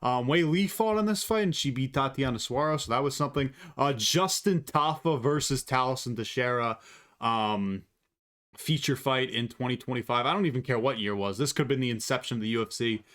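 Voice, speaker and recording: A man's voice: mid-range voice, fairly quick, fairly bright tone. Blunt, profane man ranking fights. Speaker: host. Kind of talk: casual sports commentary.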